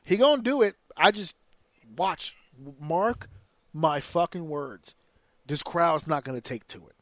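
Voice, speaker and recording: A man hosting a casual podcast, ranting in an animated, profane way. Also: fairly high pitch, unhurried, no room sound. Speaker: podcast host.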